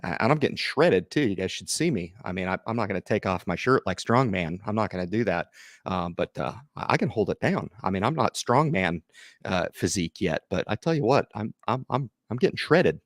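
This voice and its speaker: A middle-aged man with a lowish voice rambles through a casual livestream chat, swinging his pitch up and down as he talks straight to his viewers. The sound is close and dry, with no room around it. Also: lively intonation, a little fast, dry recording. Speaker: investing channel host.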